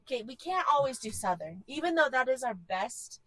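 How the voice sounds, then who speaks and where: A woman's voice: sits high, very animated, brisk, noisy background. A woman co-hosting a podcast in casual, playful banter, teasing her co-host. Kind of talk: casual chat.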